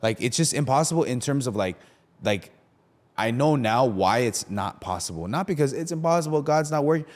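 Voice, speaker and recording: A man's voice: mid-range voice, expressive, a little fast, a little mellow. A young man, a pastor, talking casually on a podcast, full of fillers and acted-out quotes. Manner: conversational, many fillers, acts out quotes.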